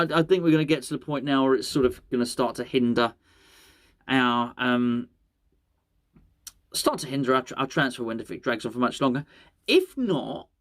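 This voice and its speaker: A man hosting a football podcast, talking casually on his own, rambling and correcting himself as he goes. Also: on the high side. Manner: rambling, self-correcting, repeats words. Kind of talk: casual solo football chat.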